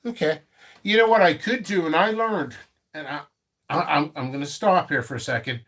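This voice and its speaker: Speaking at a normal speed in a slightly high voice, a man runs a casual live stream about his seed business. His style is rambling and animated, marked by many restarts and asides.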